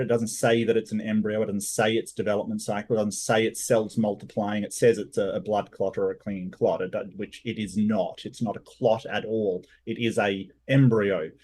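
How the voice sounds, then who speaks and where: A man rebutting in a debate, animated and joking. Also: fairly low pitch.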